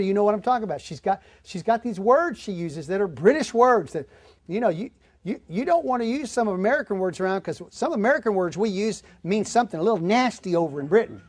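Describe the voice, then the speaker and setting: Texan male pastor, folksy and animated, high-pitched, dry close sound. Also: no room sound. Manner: folksy and animated, slows on key words. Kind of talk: sermon.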